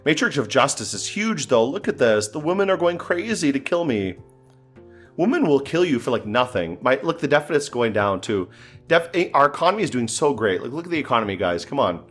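A man in the middle of a pitch range commentates a strategy game in a loose, exasperated way, muttering to himself and cursing at setbacks. Faint music plays quietly underneath his voice. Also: sing-song, brisk, husky. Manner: exasperated, swearing, talking to himself. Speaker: gaming commentator. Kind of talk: casual gameplay commentary.

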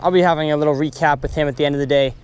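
A young man hosting a fishing vlog from a boat on a river, excitable, whooping and laughing. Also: a little high, racing, clear, resonant tone. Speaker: fishing channel host.

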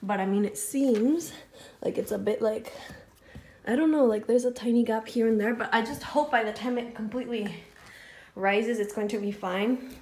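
Chatty young woman vlogging in an echoey flat. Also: on the high side, normal speed, a little hiss or hum. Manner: chatty, excitable, filler-heavy with frequent laughs. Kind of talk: casual vlog talk to camera. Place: empty echoey flat indoors.

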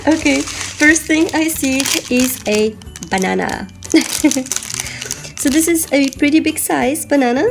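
A woman's voice: high-pitched, unhurried, vocal fry, music in the background. A woman hosting an unboxing vlog, a little sick and slightly out of breath, giggling and gushing over each item as she draws out repeated words. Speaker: host.

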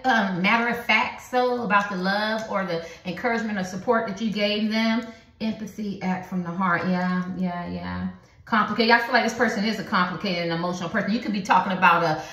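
A woman's voice: mid-range voice, fairly bright tone, echoey room, poor audio. A woman giving a casual, profane tarot reading into her phone, laughing often. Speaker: tarot card reader.

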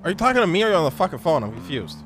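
Quick, lively man firing off questions. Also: on the high side, over music. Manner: curious, presses with questions, swears when riled. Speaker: role-play gang member. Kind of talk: in-character role-play chat.

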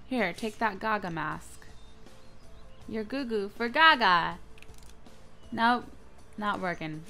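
A young woman hosting a gaming channel, giving excitable, playful let's-play commentary with frequent squeals and giggles. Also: mid-range voice, takes it slowly, faint music behind.

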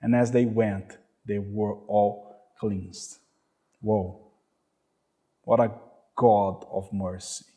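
Slow, earnest male preacher. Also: fairly low pitch, fairly even intonation, warm tone. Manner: earnest, emphatic preaching with frequent "you know" and "hallelujah". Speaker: pastor. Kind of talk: sermon.

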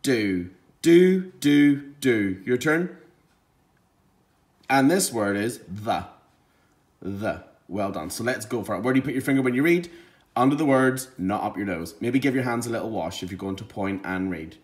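A man teaching a phonics lesson to young children, encouraging them and sounding out words clearly. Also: fairly low pitch, animated, normal speed.

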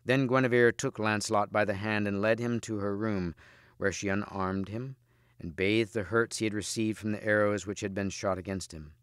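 A man, a teacher, reading a storybook aloud in steady, measured audiobook narration. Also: on the low side, clear, resonant tone, dry recording, studio quality.

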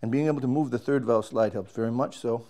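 A man's voice: mid-range voice, quick pace, dark tone. A man, a trumpet player, casually explaining and demonstrating his instrument, thinking aloud as he works and restarting his sentences.

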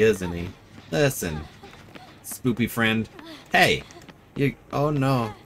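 Speaking in a mid-range voice and taking his time, a man streams a game and talks with his friends. He gets excited easily, yelping and laughing a lot.

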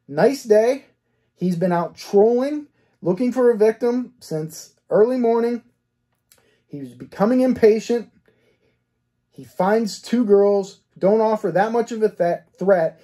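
A cold case detective talks through a case step by step, asking himself rhetorical questions and checking in with "okay?" as he analyzes it. His voice sits high, mellow and slightly rough.

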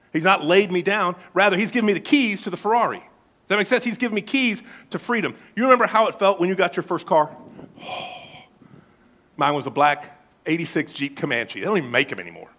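A man's voice: high voice, a bit bright. A man, preaching a sermon to a congregation. He asks them questions and jokes with them as he goes. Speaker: pastor. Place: church sanctuary.

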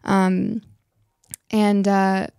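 A young woman guest on a podcast telling a story in a casual, animated way, acting out what people said. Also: mid-range voice, drawn-out words, creaky, clear, resonant tone, dry recording, studio quality. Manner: animated, acts out quotes, many likes and restarts.

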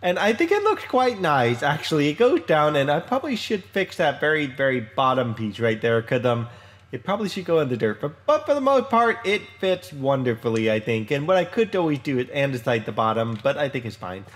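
A man's voice: on the high side, big pitch swings, brisk, a bit bright. A man hosting a casual let's play, chatting his way through a building session with lots of fillers, restarts and self-deprecating remarks. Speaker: Minecraft let's play host. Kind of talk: casual gameplay commentary.

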